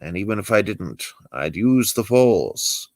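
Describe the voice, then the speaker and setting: Casting: man reading a wisecracking weary Jedi hermit, low gravelly voice, swinging pitch. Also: a little slow, no room sound. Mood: wry. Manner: sardonic, lively delivery. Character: dry-witted exiled male Jedi master. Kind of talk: amateur script read-through.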